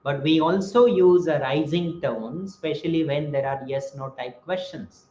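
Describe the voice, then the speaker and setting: A man gives a webinar lecture on communication and voices example sentences to show rising and falling tones. His voice sits a little high, and it is heard through a dull, echoey computer mic with faint noise behind. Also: moderate pace, darkish tone. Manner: explanatory, gives spoken examples of intonation. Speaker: webinar speaker on communication skills. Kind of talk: lecture on speaking and body language.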